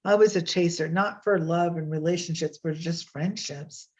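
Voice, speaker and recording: In slightly dull lo-fi audio from a webcam on a video call, a woman hosts a casual online reflection with readings. Her voice is low and darkish, with fairly even intonation at normal speed, and she talks in a meandering, chatty way full of fillers and restarts.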